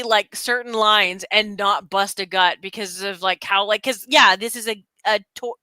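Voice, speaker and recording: A woman's voice: medium pitch, clean tone, no room sound, poor audio. A woman co-hosting a casual stream, chatting about games with lots of laughter and playful quoted lines. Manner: giggly, animated, quotes lines in put-on voices. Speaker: streamer co-host.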